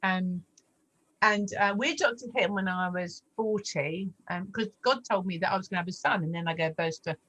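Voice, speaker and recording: An animated woman in her forties tells her story and acts out every voice in it, leaping up high for the quoted lines. Her voice sits at an ordinary middle pitch, and she speaks in casual testimony style. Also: moderate pace, highs cut off. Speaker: guest sharing testimony.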